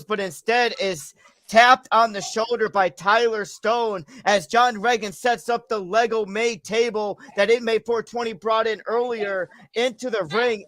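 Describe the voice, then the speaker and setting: A host giving excitable play-by-play commentary for a storytelling wrestling stream, shouting and swearing at the big moments. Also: medium pitch, no echo.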